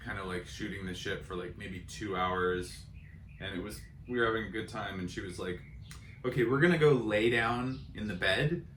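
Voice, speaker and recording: Man, 30s, podcast co-host, rambling comic chat, lowish voice, echoey room, distant mic. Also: fairly bright tone, a little hiss or hum. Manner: rambling, self-deprecating, with mocking impressions. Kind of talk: casual comedic chat.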